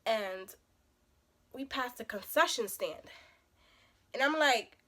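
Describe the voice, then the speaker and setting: A young woman with a slightly hoarse voice from a cold, telling a dating story as a casual storytime vlog with emphatic, animated outbursts. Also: a little high, slow pace. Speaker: vlogger.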